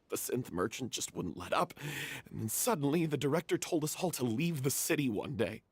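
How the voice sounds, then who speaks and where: A man's voice: medium pitch, husky, no echo. An actor voicing a remorseful male troupe member who confesses his mistake and blames himself. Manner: confessional, self-reproaching. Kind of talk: game voice acting.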